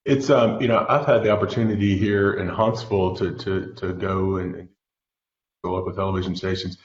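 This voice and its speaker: A man's voice: sits low, flat delivery, brisk. A man hosting a casual interview, asking long rambling questions full of fillers from a home setup. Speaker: show host. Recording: roomy dull lo-fi audio.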